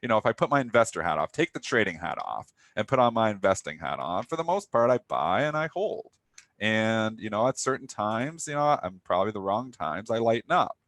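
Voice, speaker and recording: A man's voice: lowish voice, sing-song, fairly quick, a bit bright, no room sound. A young man co-hosting a live trading talk show, talking candidly and restlessly, often repeating himself. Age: young adult. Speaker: co-host.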